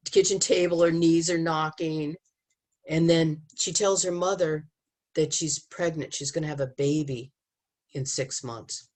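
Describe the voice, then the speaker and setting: A woman's voice: sits low, darkish tone. Emphatic storytelling woman. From United States. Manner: storytelling, quoting people in voices, emphatic. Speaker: speaker on marriage and family. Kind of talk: lively talk to an audience.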